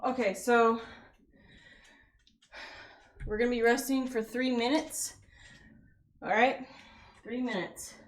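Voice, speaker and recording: A woman's voice: a little high, fairly even intonation, slow, long pauses, echoey room. A woman leading a live workout class, counting reps and giving casual, encouraging form tips while out of breath. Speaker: fitness coach.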